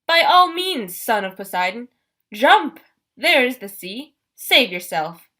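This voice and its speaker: In an audiobook, a woman puts on a menacing male monster who sneers at children with stiff, formal menace. The voice is bright and pointed, and it swings through a wide pitch range. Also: very animated, slow pace, full character voice. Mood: taunting. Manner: cold, formal, mocking. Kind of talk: audiobook character voice.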